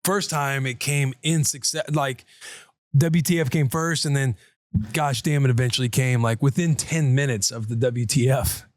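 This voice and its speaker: A man hosting a podcast, telling a rambling, animated story in casual chat. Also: mid-range voice, moderate pace, no echo, clean studio sound. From United States. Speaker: podcast host.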